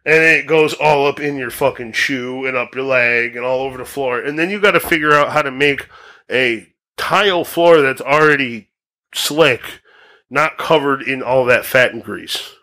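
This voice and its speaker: A man's voice: medium pitch, moderate pace, sharp tone. A man hosting a casual podcast, telling crude stories in a profane, rambling way. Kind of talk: casual crude joke chat.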